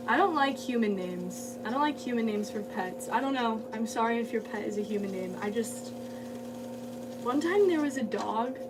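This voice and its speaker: A woman's voice: a little high, normal speed. Rambling woman potter chatting from afar. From United States. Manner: rambling, chatty, talks to cats and viewers. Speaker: potter livestreaming. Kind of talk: casual livestream chat while working. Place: pottery studio, indoors. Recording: voice a bit distant, steady hum behind.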